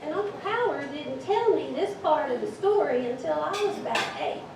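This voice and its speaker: A woman telling a story live on stage, with an animated, dramatic delivery. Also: sits high, moderate pace. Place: event hall with audience. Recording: echoey hall, distant mic, noisy.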